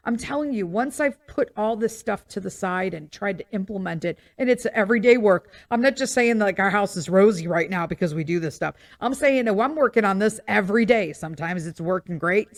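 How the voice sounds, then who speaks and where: A woman's voice: mid-range voice, vocal fry, dry recording, clean studio sound. A woman hosting a podcast, chatting casually about parenting and often checking in with listeners with "okay?". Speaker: podcast host.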